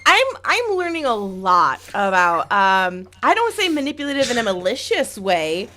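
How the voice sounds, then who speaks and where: A woman chatting on a podcast, telling stories in an expressive, giggly way. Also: fairly high pitch, normal speed. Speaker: co-host. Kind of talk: casual podcast chat.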